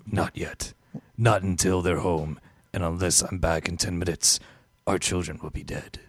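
A man doing a gruff, deep hard-boiled noir narrator voice in a slow, clipped staccato, reading aloud from a comic book. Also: steady tone, no room sound, clean studio sound. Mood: grim.

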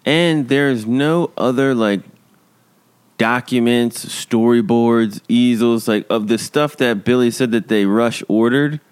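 A man's voice: mid-range voice, slow, clean tone. A man co-hosting a casual recap podcast, laid-back with wry asides. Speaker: podcast co-host recapping a TV series. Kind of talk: casual chat.

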